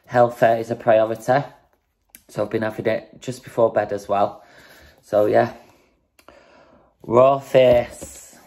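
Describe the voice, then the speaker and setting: A woman's voice: rumbling low, mellow. A woman casually chatting in a home vlog, breezy and swearing now and then as she shows off products. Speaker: fitness vlogger.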